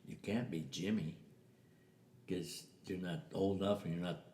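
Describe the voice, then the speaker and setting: A man's voice: sits low, steady tone, moderate pace, dark tone. An older man telling a family story in a casual way, acting out the voices of the people in it. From US Southwest. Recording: echoey room.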